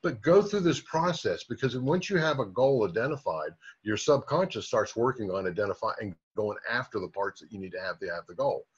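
A man's voice: on the low side, animated, brisk, few pauses, breathy edge. A man giving a motivational business training talk, speaking directly to his listeners and coaching them with frequent "right?" and "okay?" checks. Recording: dull lo-fi recording.

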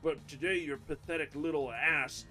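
A man voicing a boastful monster king villain, loud, slow and gloating. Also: on the high side, fairly even intonation, soft background music. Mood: taunting.

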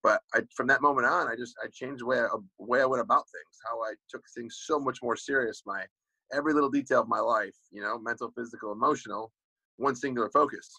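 A man in his forties with a husky, forceful voice talks fast as an interview guest. His stories wander, packed with "you know" fillers and restarts. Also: medium pitch, no echo, poor audio. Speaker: guest, former pro football player. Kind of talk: casual interview talk.

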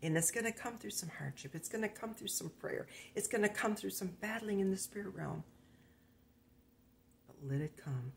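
An older woman pastor giving an earnest, informal sermon, often dropping to a hushed, breathy near-whisper. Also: deep voice, steady tone, moderate pace, a little hiss or hum.

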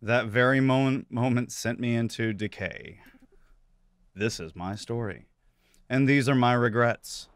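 A man voicing a weary, regretful young repo man in a low, murmured tone, reading game dialogue aloud. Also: measured pace, dry recording, close to an everyday voice. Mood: somber.

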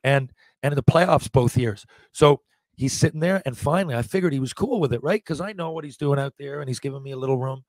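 A man's voice: mid-range voice, fast, a little mellow, no room sound. A man in his forties, a podcast guest, telling rambling, profanity-laced anecdotes in a casual way. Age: 40s. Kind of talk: casual storytelling.

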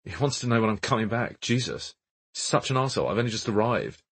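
A man's voice: on the low side, sing-song, fast, slightly rough, voice pushed up, full character voice. A man voicing an irritable, successful male actor in an audiobook, curt and dismissive. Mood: impatient.

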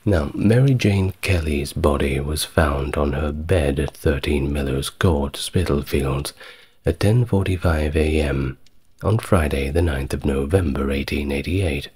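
A man giving a calm, soft-spoken ASMR history narration, measured and steady, with wry conversational asides. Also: very deep voice, slightly rough.

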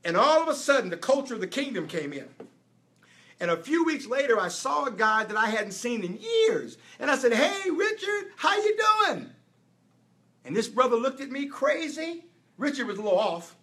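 A man's voice: very high-pitched, very animated, a little fast, a bit bright. A middle-aged man preaching a sermon, telling his testimony in an emphatic, storytelling way. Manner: emphatic storytelling, rising and falling with repetitions. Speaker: apostle and preacher.

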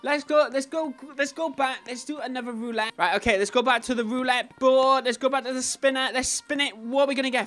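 A man hosting his own gaming channel, giving chatty gameplay commentary that swings between low mumbling and excited squeals. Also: a little fast, hardly any pauses. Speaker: YouTube gaming channel host. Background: faint background music.

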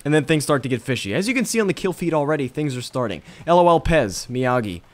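A man's voice: a little high, very animated, fast. A man giving casual, profane commentary over his own gameplay footage, worked up as he retells the match. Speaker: gaming commentator.

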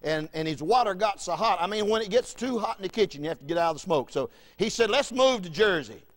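Folksy preacher, high voice. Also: male voice, fast. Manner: folksy, wide swings from loud to hushed. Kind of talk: storytelling sermon.

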